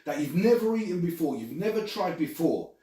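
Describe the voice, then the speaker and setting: A man's voice: a little high, big pitch swings, a little fast, mellow, far from the mic. A man hosting a casual chat podcast, blunt, swearing freely and laughing often. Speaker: podcast host. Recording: echoey room, away from the mic.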